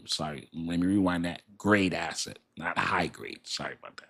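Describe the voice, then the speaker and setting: A man's voice: deep voice, a little fast, vocal fry, a bit bright, slightly rough. A middle-aged man hosts a casual crypto livestream, reading viewer names, laughing often and talking loosely to his audience.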